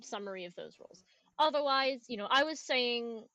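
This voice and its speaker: A woman's voice: on the high side, animated, normal speed, a bit bright, no echo. A woman explaining game logic step by step over a voice call. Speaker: player in a social deduction game. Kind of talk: casual strategy chat over voice call.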